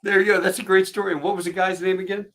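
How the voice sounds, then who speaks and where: A man's voice: high voice, level tone, racing, pushed and bright. Enthusiastic male podcast host. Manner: enthusiastic, chatty, laughs easily. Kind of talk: casual chat.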